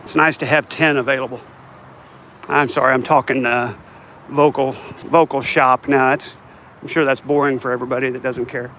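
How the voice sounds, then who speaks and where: A man's voice: medium pitch, flat delivery, normal speed, a bit bright, a little hiss or hum. An older man chatting casually and joking at himself as he walks outdoors on a city street, talking into a phone. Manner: joking, self-mocking rambling. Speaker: vlogger. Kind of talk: casual walking vlog chat. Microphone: phone held while walking.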